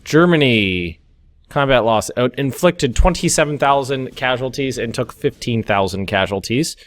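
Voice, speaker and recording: A man's voice: mid-range voice, lively intonation, normal speed. An American young man hosting a let's play, thinking aloud through a strategy game with frequent restarts and asides. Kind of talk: casual gameplay commentary. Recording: faint music behind.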